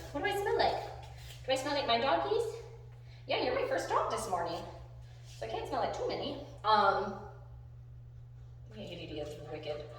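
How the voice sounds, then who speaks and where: Female dog trainer, upbeat praiser, very animated delivery in a very echoey room. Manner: bursts of excited, high-pitched praise between calm explaining. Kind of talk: live training demonstration with commentary. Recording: very echoey room, voice from far off the mic.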